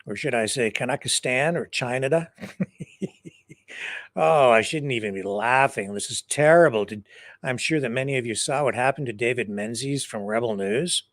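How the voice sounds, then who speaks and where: A man's voice: medium pitch, brisk, a bit bright, no echo. Chatty male news host, dry sound. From Canada. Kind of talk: casual news commentary.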